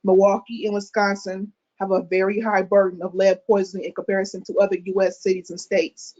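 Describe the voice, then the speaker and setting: Mother reading testimony, flat and steady, muffled remote audio. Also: medium pitch, fairly quick. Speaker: public commenter, concerned mother. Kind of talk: reading a prepared statement at a hearing. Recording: dull, muffled call audio.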